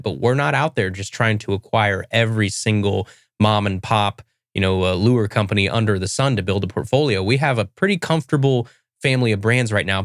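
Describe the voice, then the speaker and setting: A man hosting a fishing podcast, chatting with his guest in a relaxed way. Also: lowish voice, dry recording, studio quality. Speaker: podcast host. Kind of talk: casual interview chat.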